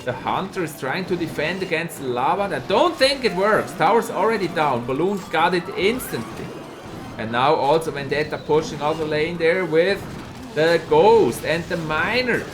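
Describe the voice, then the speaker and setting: A man's voice: fairly high pitch, normal speed, noisy background. A man with a Swiss German accent, casting a live mobile game tournament and chatting with viewers. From Switzerland. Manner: excitable, chatty, reads out chat and laughs. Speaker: esports caster and streamer.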